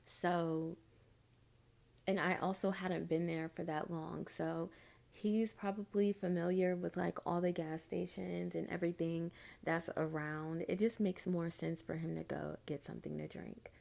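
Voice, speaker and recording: A woman's voice: on the low side, flat delivery, unhurried, creaky, a little mellow. A young woman vlogger telling a storytime tale in a chatty, exasperated way, speaking straight to her viewers. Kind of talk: storytime vlog.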